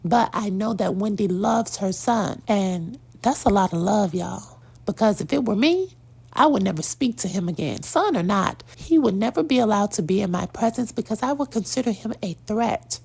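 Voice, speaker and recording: Sassy, gravelly-voiced gossip commentator woman. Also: medium pitch, lively intonation, normal speed, a little mellow. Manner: blunt, sassy, preachy, addresses "girl" and "y'all". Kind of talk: opinionated celebrity gossip commentary.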